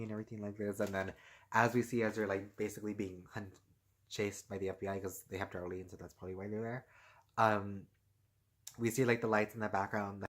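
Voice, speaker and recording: A man's voice: fairly low pitch, level tone, a little fast, a bit bright. A man casually recapping a TV episode, rambling with lots of fillers and frequent laughs. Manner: rambling, heavy filler "like" and "and stuff like this"; laughs often while talking.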